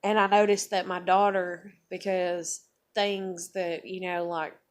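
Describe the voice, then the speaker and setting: A woman's voice: fairly low pitch, little pitch movement, unhurried. A woman in her thirties talking in a casual, rambling vlog monologue, full of fillers and swearing. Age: 30s. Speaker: vlogger.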